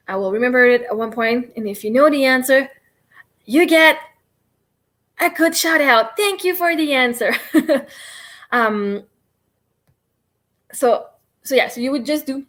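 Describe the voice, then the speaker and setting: Speaking in a high, animated voice with a fairly bright tone, this woman talks a little slowly and leaves long pauses. She's casually hosting a livestream where she explains and demonstrates tapping, rambling and poking fun at herself.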